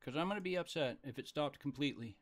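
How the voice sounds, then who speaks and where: A man hosting a casual live stream, chatting loosely and reading viewer comments out loud. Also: a little high, animated, quick pace. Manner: laid-back, reads viewer comments aloud.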